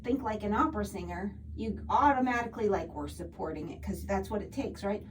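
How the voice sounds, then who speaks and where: A woman's voice: medium pitch, brisk. A woman teaching a one-on-one singing lesson who explains patiently with lots of "like" fillers and breaks into short sung vowel demos. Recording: distant mic with loud piano music.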